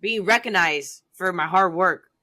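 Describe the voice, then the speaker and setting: Excitable woman guest, bright voice, rambling podcast storyteller. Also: fairly low pitch, a little slow. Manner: excitable, animated, heavy use of "like".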